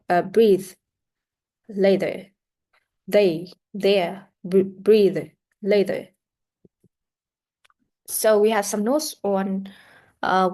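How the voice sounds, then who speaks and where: Modeling each sound with care so her learners can repeat it, a woman teaching English pronunciation speaks slowly and deliberately. Her voice sits at a middle pitch and has a dark tone.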